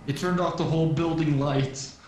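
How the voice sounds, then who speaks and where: A man chatting casually during a co-op game, giving his friends quick directions and warnings. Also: a little high, fairly even intonation, darkish tone, reverberant, slight background noise. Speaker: gamer. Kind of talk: casual co-op gaming chat.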